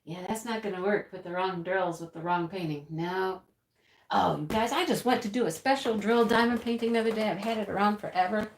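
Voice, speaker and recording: A woman's voice: mid-range voice, brisk, reverberant. A woman hosting a casual livestream, chatting and rambling as she reads the chat aloud, often laughing. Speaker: livestream host.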